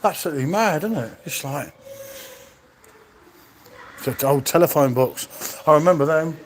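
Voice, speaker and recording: A middle-aged man with a fairly high voice rambles cheerfully through a live walk-around. He marvels at what he sees and keeps calling out to viewers by name. His voice is caught on a phone held in his hand as he walks through an indoor museum. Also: expressive, normal speed, a little hiss or hum. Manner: chatty, marvelling, addresses viewers in chat by name. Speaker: vlogger streaming live. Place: indoor museum with old exhibits. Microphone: handheld phone while walking.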